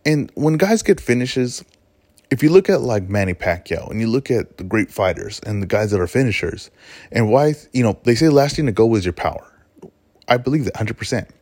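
Man, podcast host, lowish voice, emphatic and opinionated, dry close sound. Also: a little mellow, no echo. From Mexican heritage. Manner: opinionated, emphatic, self-correcting. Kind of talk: solo podcast monologue on fights.

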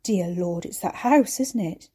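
A frail old man croaks and wheezes from his bed, played by a woman reading aloud. He scolds with sharp scorn, voice lifted and strained, the tone soft and mellow. A storybook figure, bookish and contemptuous. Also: fairly low pitch, unhurried. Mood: urgent.

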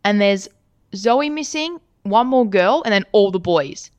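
A woman's voice: mid-range voice, lively intonation, measured pace, darkish tone, smooth, no room sound. A young woman co-hosting a podcast, telling a rambling story with lots of filler words and swearing. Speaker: podcast co-host. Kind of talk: casual storytelling chat.

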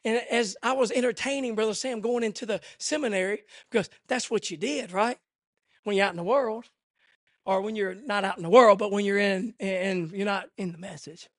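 A middle-aged man preaching an impassioned sermon, swinging between shouted fervor and hushed, intimate asides. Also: high voice, moderate pace, no room sound, studio quality.

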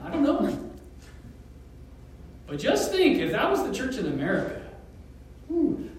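A male pastor preaching a sermon, telling a story with animated asides, chuckles and pauses. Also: high voice, very echoey, distant mic, a little hiss or hum, rough recording. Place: church sanctuary.

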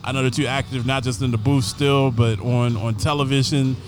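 A man hosting a show, talking in a relaxed, slangy, affirming way to his guest. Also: mid-range voice, brisk, music in the background. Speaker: show host. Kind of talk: casual interview chat.

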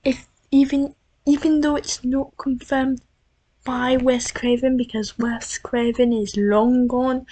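High-voiced chatty young woman vlogger. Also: level tone, a little slow, warm tone. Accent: slight drifting British-sounding accent. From United States. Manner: chatty, self-deprecating, lots of restarts and asides. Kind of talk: rambling casual monologue. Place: at home at night. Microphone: built-in computer microphone.

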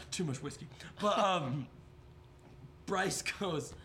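A man's voice: high voice, very slow, creaky, bright, forceful tone, slight background noise. A young man hosting a podcast, chatting casually and telling jokey stories full of swearing. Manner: profane, rambling, jokey storytelling. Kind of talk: casual chat.

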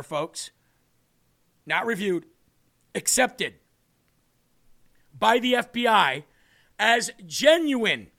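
A man's voice: high voice, vocal fry, sharp tone. A male political talk show host giving sarcastic, mocking commentary with frequent laughter. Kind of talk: opinionated commentary.

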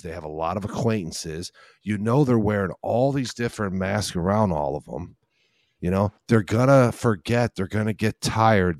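A man with a low, deep voice hosts a casual podcast chat, animated and emphatic, running off on long tangents and swearing freely. The sound is dry and close, with no room around it. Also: dry recording. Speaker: podcast host.

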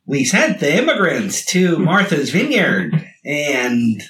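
Man's impression of a politician, sing-song, lispy, slow, animated, distant roomy mic. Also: a little high, slight background noise, exaggerated voice. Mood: smug.

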